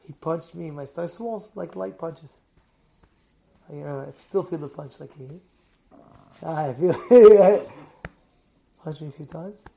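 A man giving a sermon as a lively story, swinging from loud urging to hushed, quiet storytelling. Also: a little high, a little slow, creaky, pauses often.

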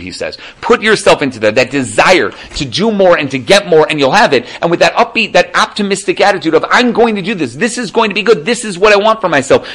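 A man giving a casual Torah class, animated and conversational, often checking in with the listener. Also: medium pitch, poor audio. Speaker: Torah teacher.

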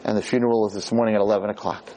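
A man doing a flustered, halting nurse. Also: on the low side, little pitch movement, mellow, slight background noise, pitched below the performer's own voice, natural voice, rough recording. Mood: hesitant. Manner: hesitant, halting, soothing. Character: middle-aged female nurse, flustered but kind.

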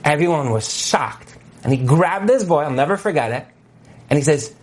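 A man teaching as a marriage coach in a lecture over a video call, telling stories with lively asides and many fillers. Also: fairly high pitch, normal speed. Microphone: video call mic.

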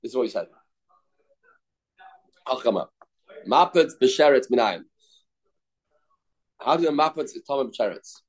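A man's voice: medium pitch, lively intonation, unhurried, pauses often. A man teaching a Talmud lesson, talking in a sing-song study rhythm, repeating phrases and mixing English with Hebrew and Aramaic terms while answering students.

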